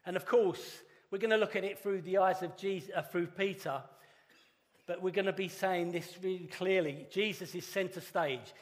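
Guy giving an easter sermon, kinda high voice, big echoey church, slows down for the dramatic bits. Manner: earnest, conversational with dramatic pauses. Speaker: pastor. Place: church hall. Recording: long reverb of a church hall.

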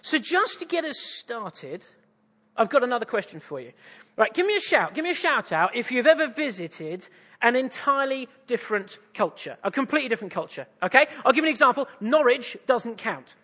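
A man's voice: very high-pitched, sing-song, fairly quick, sharp tone, breathy edge, long reverb tail. A man from East Anglia with an English accent, preaching a sermon with audience interaction, jovial and self-mocking. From East Anglia, England.

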